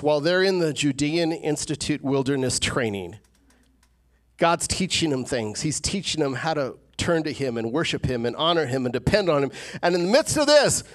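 A man preaching a sermon as the pastor, animated and rising to emphatic peaks. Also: fairly high pitch.

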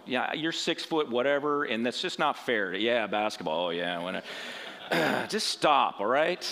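A man's voice: medium pitch, pushed and bright. A man preaching through a rambling personal story in a conversational sermon style, often checking in with "right?".

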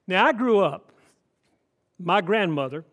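A man's voice: high voice, expressive, a little slow, fairly bright tone. An older man from Atlanta, preaching a sermon in a folksy, emphatic way with asides to the congregation. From Atlanta, Georgia. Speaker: pastor.

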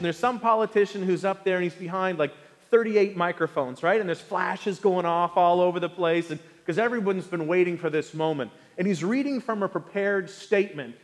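Animated preacher in a reverberant hall. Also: male voice, sits high, moderate pace. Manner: animated, acts out quoted voices for humor. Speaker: pastor. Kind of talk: sermon.

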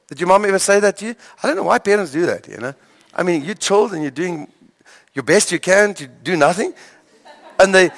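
A male pastor preaching a sermon, telling stories with dramatic pauses and stammered repeats. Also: fairly high pitch, animated, fairly bright tone. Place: church hall. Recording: long hall reverb.

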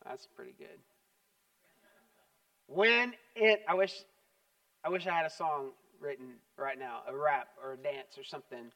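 A man delivers a sermon in a high, bright tone. He tells stories with animated emphasis and repeats his points. The voice is picked up from some distance away. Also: unhurried, pauses often, highs cut off. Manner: animated storytelling, emphatic repetition. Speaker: pastor.

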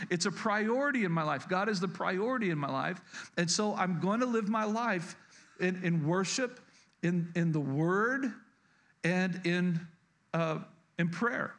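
A pastor of around fifty preaches a sermon in a high, slightly bright voice. He's folksy and full of jokes, speaking straight to his congregation, and he often repeats himself and restarts words.

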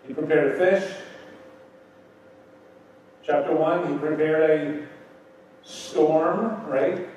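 A man's voice: a little high, steady tone, slow, pauses often, a little mellow, highs cut off, a little hiss or hum. A man preaching a Bible-teaching sermon and putting questions to his congregation. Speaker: pastor. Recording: roomy echo, distant mic.

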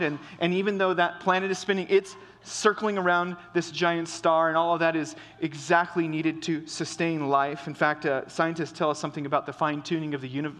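A man's voice: a little high, fairly bright tone. Man preaching in a reverberant hall. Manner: conversational preaching with restarts and repetition. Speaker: pastor. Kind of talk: sermon.

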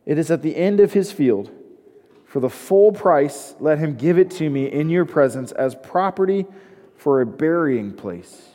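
A man's voice: fairly high pitch, expressive, unhurried, dark tone, in a large hall. A man preaching a sermon, reading scripture aloud and then explaining it with casual asides. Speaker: pastor.

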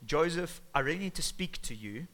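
A man's voice: fairly high pitch, expressive, brisk, a bit bright, pitched above the performer's own voice. A man acting out an earnest young woman, pleading.

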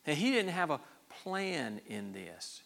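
A man pastor preaching with a fairly high, bright voice. He is emphatic, repeats words as he gathers his thoughts, and swings between hushed and forceful passages. His pitch moves all over. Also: sing-song, takes it slowly, creaky. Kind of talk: sermon.

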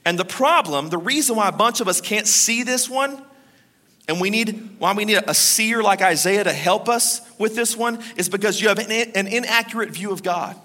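Bright-voiced preaching pastor in a reverberant hall. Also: male voice, high voice, expressive. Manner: emphatic preaching, quoting scripture with dramatic pauses. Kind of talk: sermon.

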